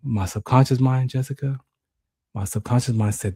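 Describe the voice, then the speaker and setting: A man's voice: normal speed, slightly rough, dry recording, clean studio sound. A man co-hosting a talk show, telling a personal story with emotion and acting out voices in his head. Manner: emotional, animated, acts out inner voices in high shouts. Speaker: podcast co-host.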